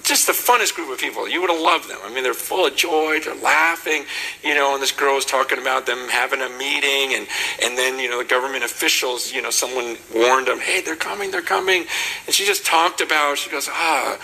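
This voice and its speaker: A man from the United States preaching in an animated storytelling style, acting out the voices of the people in his stories, with frequent "you know" asides. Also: mid-range voice, fairly quick, poor audio. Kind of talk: sermon storytelling.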